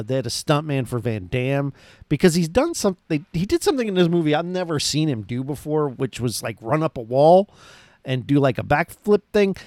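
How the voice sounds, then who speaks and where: Casting: male podcast host, slightly higher voice, loose excited movie recap, dry booth sound. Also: dry recording. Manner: rambling, enthusiastic, lots of "like" and restarts.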